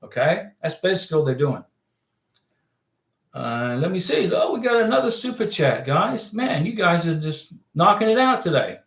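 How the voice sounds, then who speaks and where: A fairly high-voiced man hosts a relaxed livestream, reading out viewer messages and answering them plainly and directly. His voice carries a roomy echo, as if he were talking in an ordinary room at home. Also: normal speed. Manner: folksy, reads viewer chats aloud and answers directly. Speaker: livestream host giving visa advice. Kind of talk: casual livestream chat.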